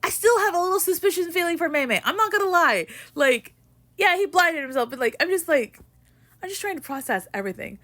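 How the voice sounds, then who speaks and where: A woman's voice: very high voice, animated, a little fast, pushed and bright. A young woman ranting emotionally about a book in a casual vlog, swearing and rambling with lots of "like". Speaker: book vlogger.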